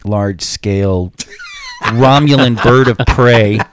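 A man co-hosting a casual podcast, making slow joking remarks. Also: mid-range voice, wildly swooping pitch, dry recording. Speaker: podcast co-host.

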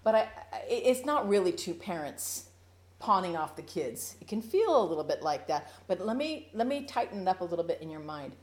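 A woman teaching a verse-by-verse Bible study for women, playful and animated, acting out the quotes, then earnest and urgent when she exhorts. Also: fairly low pitch, brisk. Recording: roomy echo.

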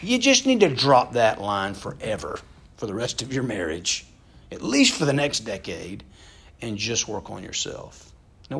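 A man's voice: mid-range voice, vocal fry, a bit bright, slightly rough. A man preaching a conversational, earnest sermon, asking his listeners questions as he goes. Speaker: pastor.

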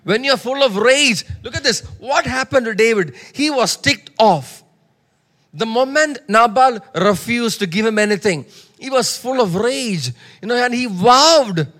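High-voiced, emphatic male preacher. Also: animated, unhurried, a bit bright. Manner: emphatic, repeats lines, calls for audience response. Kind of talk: sermon.

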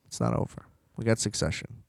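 A man hosting a podcast in casual chat, rambling and animated, swearing freely. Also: a little fast, no echo, low-quality recording. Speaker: podcast host.

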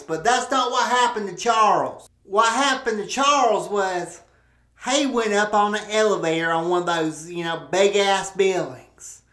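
A woman's voice: medium pitch, fairly bright tone. A woman hosting a podcast, telling a crude comic story full of swearing and rambling asides. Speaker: podcast host. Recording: roomy echo.

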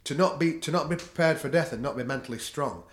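A man's voice: on the high side, quick pace. Blunt northern English man, roomy sound. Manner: blunt, swears freely, laughs at own stories. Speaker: podcast guest, jiu-jitsu practitioner. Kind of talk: casual chat. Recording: echoey room.

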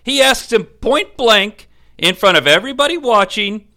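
Give me a man recapping a film with crude jokes, raspy and bright. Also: high voice, expressive, normal speed. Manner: irreverent, crude, joking. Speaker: movie reviewer. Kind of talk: comedic movie recap.

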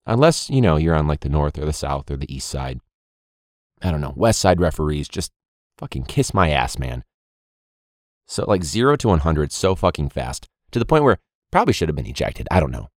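Male podcast host, teacher-coach type, deep and animated, swears freely and laughs through his stories. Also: brisk, no room sound, studio quality. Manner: ranting, heavy swearing, frequent laughs. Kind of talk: casual podcast monologue.

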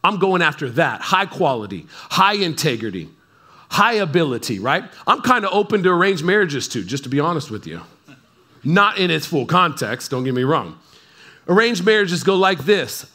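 Male pastor, chatty sermon style, high and bright tone, keeps prompting the room. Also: very animated, normal speed. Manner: chatty, keeps checking in with the crowd, playful asides. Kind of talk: conversational sermon. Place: church service in front of a congregation.

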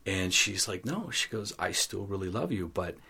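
Interview guest, male, deep husky voice, earnest storyteller who acts out dialogue. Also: lively intonation, moderate pace, bright, forceful tone. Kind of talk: telling a personal faith story.

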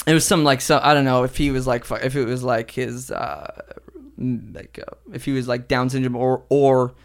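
A man's voice: mid-range voice, steady tone, moderate pace, creaky. A young man telling a story in casual chat, rambling, swearing a lot and laughing often.

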